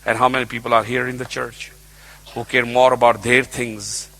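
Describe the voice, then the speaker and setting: A man preaching a sermon in a church, retelling scripture in his own words and swinging between loud exclamations and quiet asides. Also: mid-range voice, little pitch movement, moderate pace.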